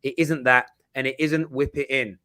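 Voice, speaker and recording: A man hosts a casual livestream chat, talking in quick restarts and repeated words. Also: mid-range voice, smooth. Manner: animated, stammering restarts. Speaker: host.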